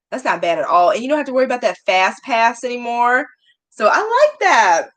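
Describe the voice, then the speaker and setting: A woman's voice: medium pitch, a bit bright. A young woman chatting casually to her viewers, self-mocking and often laughing. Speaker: vlogger.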